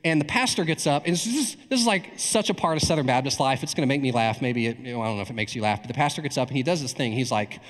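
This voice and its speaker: A man preaching a storytelling sermon in a large church hall, animated, with frequent "right?" asides. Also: fairly high pitch. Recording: long reverb in a large hall.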